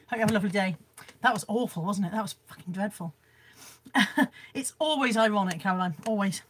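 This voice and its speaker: A hoarse, froggy-voiced woman hosting a casual live stream, chatty and self-mocking as she greets viewers by name. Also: medium pitch, fairly quick, fairly bright tone. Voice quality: husky, slightly froggy voice. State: hoarse from a cold. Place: indoors at home.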